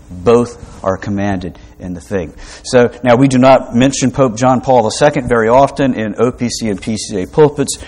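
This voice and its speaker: A man preaches with a mid-pitched voice, explaining scripture in a relaxed, conversational way. He drops in light humor and rhetorical questions, and often pauses with fillers and restarts. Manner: conversational teaching with asides and humor. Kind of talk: sermon.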